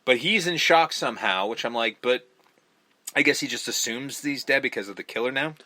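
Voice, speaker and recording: A man's voice: mid-range voice, brisk, dry recording. A man co-hosting a movie podcast in casual chat, swearing a lot and acting out scenes in voices. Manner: profane, animated, acts out scenes in voices. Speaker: podcast co-host.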